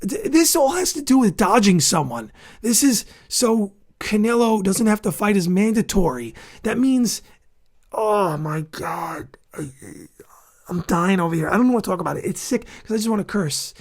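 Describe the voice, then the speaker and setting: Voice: mid-range voice, lively intonation, normal speed, a little mellow. A boxing show host giving heated, opinionated commentary, ranting and repeating insults for emphasis while skimming an article. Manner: skims and reads an article aloud between outbursts.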